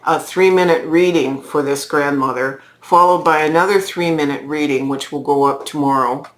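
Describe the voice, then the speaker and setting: A woman giving a weekly tarot card reading in a slow, reflective, spiritual manner. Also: low-pitched, fairly even intonation. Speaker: tarot reader.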